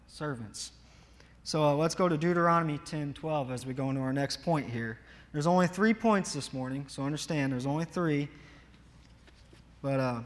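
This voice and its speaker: A man's voice: on the high side, in a large hall. A man preaching an earnest, emphatic sermon to his congregation. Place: church.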